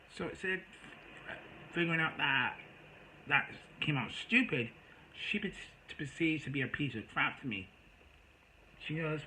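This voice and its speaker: Man, slightly high voice, rambling and exasperated storytime vlogger, faint hiss behind. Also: animated, unhurried, pauses often, bright, forceful tone, poor audio. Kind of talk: casual storytime monologue.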